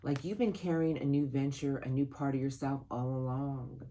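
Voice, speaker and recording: A tarot reader giving a monthly reading to camera, earnest and encouraging, who speaks aloud to spirit guides and breaks into sudden excited, louder bursts. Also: normal speed, a little hiss or hum. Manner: animated, sudden jumps in pitch and loudness, laughs at the cards.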